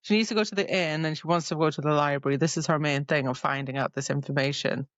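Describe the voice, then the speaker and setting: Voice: mid-range voice, fairly even intonation, fast, a bit bright, no room sound, highs cut off. A podcast co-host casually recapping a book's plot in a rambling way and quoting its dialogue. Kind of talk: casual book discussion.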